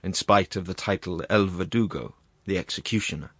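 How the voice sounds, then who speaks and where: A man narrating a classic story in a measured, grave reading. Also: sits low, a bit bright, husky, no room sound.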